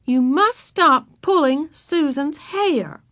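A woman voicing a firm but kind female kindergarten teacher, speaking slowly and sternly. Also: high voice, lively intonation, sharp tone, pitched above the performer's own voice, heavily acted. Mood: firm measured. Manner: slow, measured and stern.

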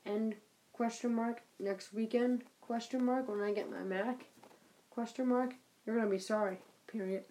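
A woman's voice: fairly high pitch, fairly even intonation, moderate pace, dark tone, a little hiss or hum, poor audio. A woman angrily dictating a profane message aloud, speaking each punctuation mark as she goes. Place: bedroom at night.

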